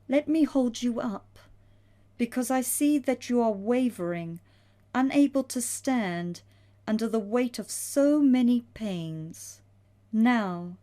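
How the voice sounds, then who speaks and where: Slow, reverent woman reading prayers. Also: fairly high pitch, warm tone.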